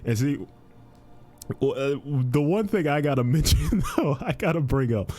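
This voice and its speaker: A man's voice: fairly high pitch, measured pace, faint music behind. A young man hosting a casual podcast, commenting on advice posts, repeating himself a lot and often saying "dude". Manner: repetitive, animated, says "dude" and "fiendish".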